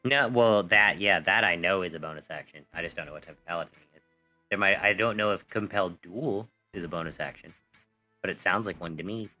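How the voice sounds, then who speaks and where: A man's voice: sits low, pushed and bright, faint music behind. A man playing a tabletop game, joking and teasing the others in a playful way. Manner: jokey, playful, quick to tease. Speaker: player. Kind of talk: casual tabletop game chat.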